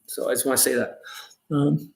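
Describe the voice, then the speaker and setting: A man coaching viewers on a live stream, talking in a blunt, heavily profane, confrontational way and swinging between loud jabs and low asides. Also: steady tone, normal speed, creaky, low-quality recording. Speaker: dating coach livestreaming to viewers. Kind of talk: live stream rant, reading viewer comments.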